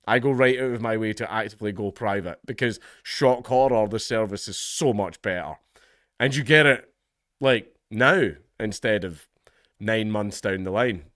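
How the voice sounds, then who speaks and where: A man's voice: on the low side, normal speed, a bit bright, no echo, studio quality. A Scottish man giving casual vlog commentary in a sardonic tone, laughing often as he talks. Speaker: political commentator.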